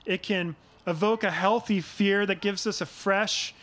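A middle-aged male pastor delivers a sermon in a fairly high voice. He speaks earnestly and at a measured pace, pausing on key phrases and putting questions to his congregation. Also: fairly even intonation, fairly bright tone.

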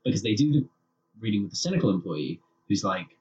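A man co-hosting a casual comedic podcast, ranting in an animated, sweary way as he reviews a show. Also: lowish voice, fast. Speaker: podcast co-host. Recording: slightly dull with faint noise.

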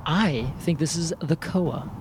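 Competitive guy guest on a podcast, blurts out trivia answers, bit high voice, faint hiss. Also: slow pace. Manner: eager, competitive quiz answerer. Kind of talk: casual podcast chat.

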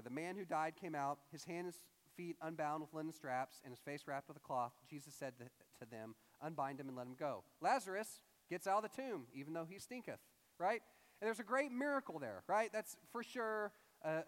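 A young man preaching a casual, conversational sermon as a pastor, animated and acting out quoted voices. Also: fairly high pitch, a little fast, long reverb tail.

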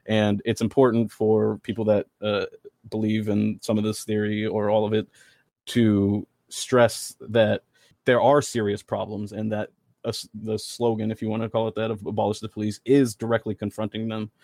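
Earnest low gravelly man, halting. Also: monotone, a little mellow, no echo, studio quality. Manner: earnest, halting with many fillers and restarts. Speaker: podcast guest. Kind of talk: casual podcast discussion.

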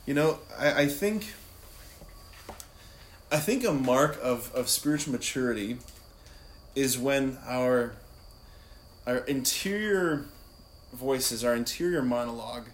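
A man giving an informal Catholic talk, animated and conversational, often laughing and asking "right?". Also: medium pitch, slow, long pauses, slight background noise. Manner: laughs easily while talking. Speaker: Catholic speaker. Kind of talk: casual faith talk.

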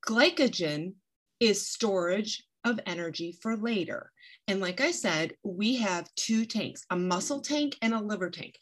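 A woman presenting a nutrition webinar from home, explaining with everyday analogies in a chatty, conversational way. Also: mid-range voice. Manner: conversational, uses "like" and "right?". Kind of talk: educational webinar talk.

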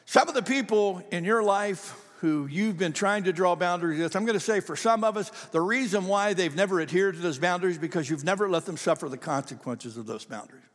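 An older man preaching a sermon in a conversational, animated storytelling way. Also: high voice, a little fast, hardly any pauses, long reverb tail. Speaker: pastor.

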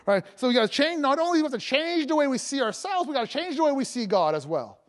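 A man's voice: very high voice, big pitch swings, quick pace. A man preaching a sermon as an evangelist, joking and laughing often between points, talking loosely with lots of fillers and restarts.

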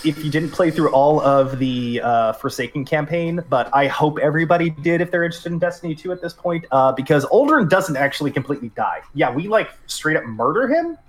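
A man's voice: fairly high pitch, animated, brisk, hardly any pauses. A man hosting a gaming podcast, chatting casually through the news with lots of fillers. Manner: rambling, filler-heavy. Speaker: podcast host.

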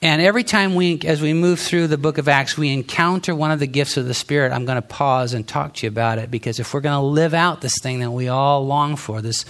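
A man's voice: on the high side, a little fast, few pauses, fairly bright tone. Earnest man preaching a sermon. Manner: earnest, conversational preaching with fillers and restarts. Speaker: pastor.

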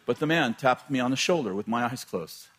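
Husky-voiced middle-aged male pastor. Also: medium pitch, animated, a little fast, a bit bright. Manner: chatty, laughs at his own jokes, breaks off and restarts. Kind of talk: sermon storytelling.

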